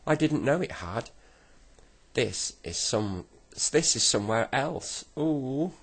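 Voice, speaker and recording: A man voicing a flustered old tinker covered in saucepans, in a high, shrill, fretful voice. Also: very animated, a little slow, exaggerated voice. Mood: shrieking.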